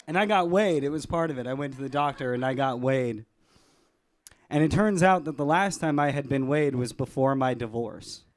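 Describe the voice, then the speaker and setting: A man doing a live stand-up set in a club, deadpan, chuckling at his own jokes. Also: medium pitch, moderate pace. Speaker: stand-up comedian. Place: comedy club stage.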